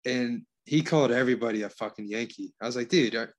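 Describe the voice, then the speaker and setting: A man's voice: medium pitch, quick pace. Man co-host, from Florida, casual swearing storyteller, mid-range voice. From Florida, USA. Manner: profane, storytelling, says dude a lot. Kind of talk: casual crude banter.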